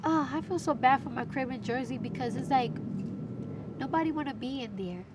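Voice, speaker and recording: A young woman with a New York accent, chatting as an interview guest, emphatic and animated, with quick bursts of slang. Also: sits high, very noisy. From New York City. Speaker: interview guest, recording artist. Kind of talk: casual interview chat.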